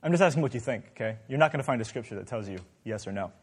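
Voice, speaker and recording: A man's voice: medium pitch, expressive, very fast, breathy edge, long reverb tail. A man leading an interactive Bible class, asking the group many questions in a conversational way. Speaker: Bible study teacher.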